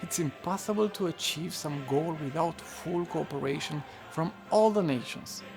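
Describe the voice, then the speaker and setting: Gravelly man narrating an essay. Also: a little high, moderate pace, over music. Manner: reflective, occasional wry asides.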